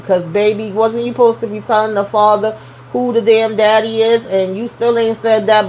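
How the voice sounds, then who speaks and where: A woman's voice: mid-range voice, a little mellow, slight background noise, rough recording. Woman, young adult, casual recap host, sassy slang-heavy patter, mid-range voice. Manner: chatty and sassy, lots of slang asides.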